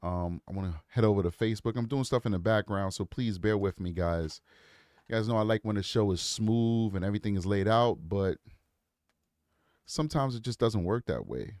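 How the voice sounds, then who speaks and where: A man's voice: lowish voice, animated, moderate pace, a little mellow, dry recording, clean studio sound. A man hosting a live true crime show, chatting casually and breaking into impassioned tangents. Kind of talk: live-stream commentary.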